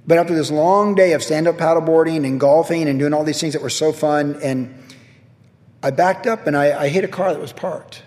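Middle-aged guy pastor preaching, chatty and self-deprecating, a bit high-voiced, big echoey hall. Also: brisk, darkish tone. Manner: storytelling, self-deprecating with laughs. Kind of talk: sermon.

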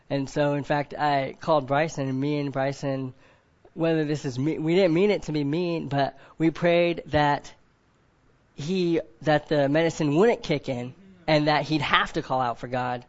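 A man's voice: a little high, dull audio. A man preaching a sermon to a group of men. He keeps asking them questions, often adds "right?", and acts out other people in quoted voices.

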